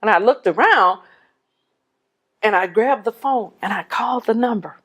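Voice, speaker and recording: A middle-aged widow giving a personal testimony, telling her story in an animated way and acting out the dialogue. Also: fairly high pitch, normal speed, slightly rough.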